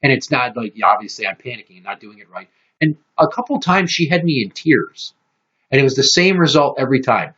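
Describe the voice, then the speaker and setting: A man hosting a podcast, telling profane, animated stories in casual chat. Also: mid-range voice, a little fast, slightly rough, lo-fi sound. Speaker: podcast host.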